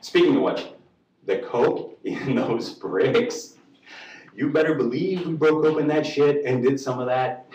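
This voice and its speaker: A man's voice: mid-range voice, unhurried, a little mellow, highs cut off. A man reading a comic story aloud to a live audience, wry and profane, acting out the voices. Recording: echoey room, distant mic, faint noise.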